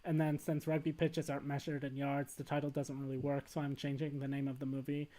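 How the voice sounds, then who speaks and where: A man laying out a movie pitch on a casual podcast, in a matter-of-fact way. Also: completely flat delivery, a little fast, dark tone.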